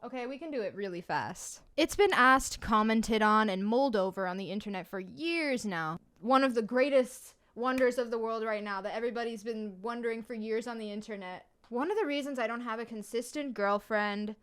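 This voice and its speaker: A young woman with a fairly high voice, mocking what she reads aloud. She sounds sarcastic and incredulous and breaks into laughter often, like a host doing comedic commentary. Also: brisk, hardly any pauses, a bit bright, clean tone.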